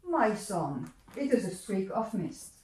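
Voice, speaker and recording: A woman voicing a father who calmly reassures his frightened son in a low, soothing voice. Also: slow. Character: calm, reassuring father on horseback. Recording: roomy, from a distance.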